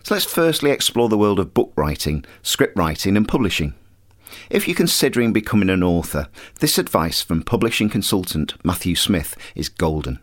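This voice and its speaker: A man's voice: low voice, very animated, moderate pace. A man hosting a podcast, narrating scripted links that introduce his guests' clips. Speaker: podcast host.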